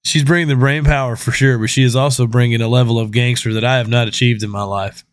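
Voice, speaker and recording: A man's voice: mid-range voice, steady tone, fast talker, dry recording. A man hosting a podcast in casual chat, joking and swearing freely. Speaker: podcast host.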